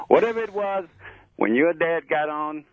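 A man's voice: fairly high pitch, sing-song, slow, a bit bright, dry recording. A man from the American South calling into a radio show, earnest and emphatic. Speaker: radio caller. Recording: thin phone line.

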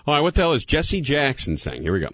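A man's voice: mid-range voice, wildly swooping pitch, fast talker, a bit bright, no room sound. A man hosting a call-in radio game show, casual and jokey, calling the callers dude.

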